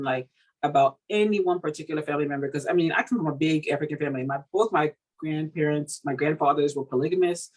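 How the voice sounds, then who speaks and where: A woman from Cameroon, an author being interviewed, talking in a casual, animated way with many fillers and laughs. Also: deep voice, poor audio. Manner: animated, laughing, full of fillers like "you know". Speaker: author guest.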